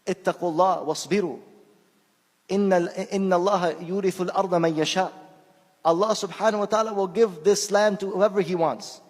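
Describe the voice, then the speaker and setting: एक आदमी अनौपचारिक धर्मोपदेश दे रहा है, बोलचाल के अंदाज़ में, शब्द दोहराते हुए और किस्सों में आवाज़ें निकालते हुए; उसकी मातृभाषा फ़ारसी है।. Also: male voice, sits high, steady tone, moderate pace. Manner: conversational, repeats words while searching, acts out quoted voices. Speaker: shaykh giving a talk. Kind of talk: informal sermon with anecdotes. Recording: long hall reverb.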